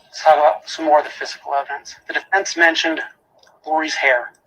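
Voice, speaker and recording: A prosecutor with a husky, slightly high male voice makes his closing argument to a courtroom jury, pounding on repeated phrases and pointed rhetorical questions. His tone is steady, a little fast, pushed and bright, and the audio quality is poor.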